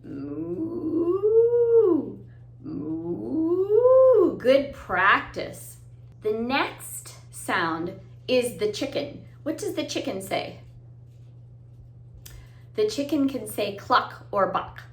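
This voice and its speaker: A woman's voice: fairly high pitch, expressive, slow, pauses often, fairly bright tone. A woman teaching a children's music lesson. She talks straight to the kids, encouraging, sing-song, and sometimes breaks into song and animal sounds. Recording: roomy echo.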